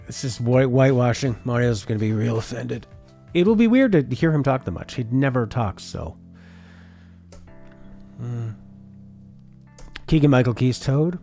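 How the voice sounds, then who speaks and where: A man's voice: medium pitch, animated, unhurried, vocal fry, pauses often, warm tone, faint music behind. A man streaming a casual reaction chat, talking things over and reading viewer comments aloud before answering them. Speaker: streamer reacting to a game showcase.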